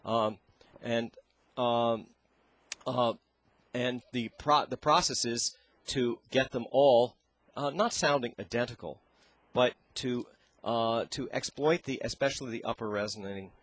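A man's voice: mid-range voice, fairly even intonation. Hesitant man explaining singing technique. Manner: halting, searching for words. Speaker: singing teacher guest. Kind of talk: explaining with sung demonstrations. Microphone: handheld microphone.

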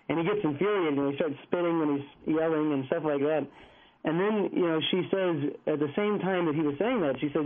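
Male field organizer on a phone line to a radio show, slightly higher voice, rambling storyteller full of "uh" and "you know". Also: fairly quick. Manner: rambling anecdote with many fillers. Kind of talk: casual radio report. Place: Los Angeles, over a phone line.

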